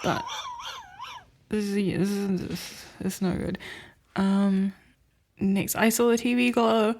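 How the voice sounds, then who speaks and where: A woman's voice: mid-range voice, steady tone, takes it slowly, a little mellow. Chatty woman podcast co-host. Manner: rambling, filler-heavy, laughs often. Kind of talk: casual chat reviewing films.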